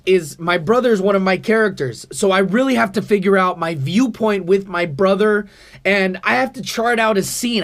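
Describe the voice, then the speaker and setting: A man's voice: high voice, a bit bright. A man vlogging to camera about his acting class, talking in an earnest, rambling way, bothered by allergies. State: allergies, coughing. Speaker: vlogger, improv student. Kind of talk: casual talk to camera.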